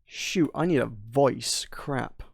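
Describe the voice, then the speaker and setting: A man's voice: medium pitch, slow pace, creaky, slightly rough, no echo, clean studio sound. A male streamer reading a game aloud live, rambling to himself and stumbling over his words in a playful way.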